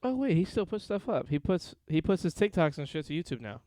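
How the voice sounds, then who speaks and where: A man hosting a podcast in casual chat, joking and swearing through quick banter. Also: a little high, sing-song, warm tone, dry recording. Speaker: podcast host and streamer.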